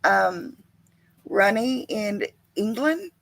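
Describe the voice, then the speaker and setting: A woman's voice: mid-range voice, animated, very slow, vocal fry, fairly bright tone, low-quality recording. A woman co-hosting a casual livestream chat, chatty and laughing often. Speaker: co-host.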